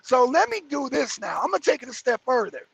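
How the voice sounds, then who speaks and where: Man, high pitched and husky, heated profane livestream ranter reading comments. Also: very animated, fairly quick, a bit bright, muffled recording. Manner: heated, profane, repeats and mocks viewer comments. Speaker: YouTube commentator.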